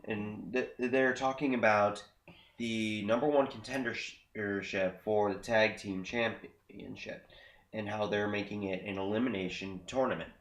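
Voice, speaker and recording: A young man co-hosting a casual podcast, recapping with frequent fillers and halting restarts. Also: on the low side, fairly even intonation, a bit bright. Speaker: podcast co-host. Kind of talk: casual chat recapping wrestling. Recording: echoey room.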